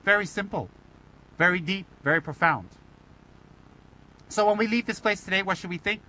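High, bright-voiced playful Buddhist teacher. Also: male voice, normal speed, rough recording. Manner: playful, teasing, rhetorical questions. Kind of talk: Dharma talk.

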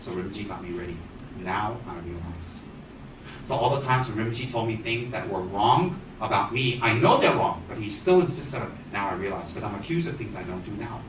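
A man giving a dharma talk as a Buddhist teacher, animated and teasing, rattling off long lists. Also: fairly low pitch, fairly quick, background noise. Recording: echoey room, distant dull mic.

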